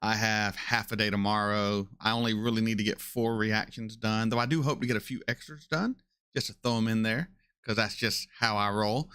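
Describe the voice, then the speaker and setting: Male host doing a casual livestream with a bright, crisp voice. Opinionated, says his points twice, and his pitch jumps up when he gets excited. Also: normal speed. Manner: opinionated, repeats himself for emphasis. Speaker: reaction channel host.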